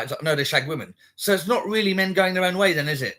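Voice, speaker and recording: A young man in casual chat, blunt and sweary, with an animated delivery. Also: on the high side, brisk. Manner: blunt and sweary, animated, quoting others in put-on voices.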